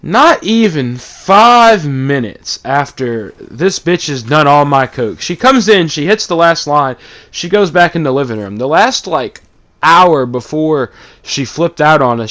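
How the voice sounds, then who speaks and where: A man's voice: on the high side, lively intonation, a little slow, fairly bright tone. A man from East Texas, telling a rambling, profane story about his own life. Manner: rambling, swears a lot, acts out quotes.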